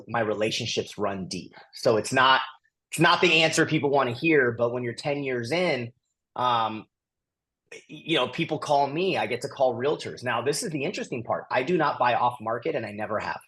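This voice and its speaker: A man's voice: mid-range voice, moderate pace, fairly bright tone, poor audio. A man in his thirties, a guest on a casual podcast, who talks with enthusiasm and acts out quoted conversations. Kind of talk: casual interview chat.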